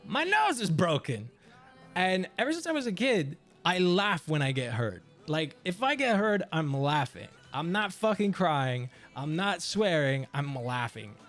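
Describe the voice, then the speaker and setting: Young male streamer, high lively voice, expressive storyteller, faint music underneath. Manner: animated, swears freely, laughs while telling. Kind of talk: casual storytelling.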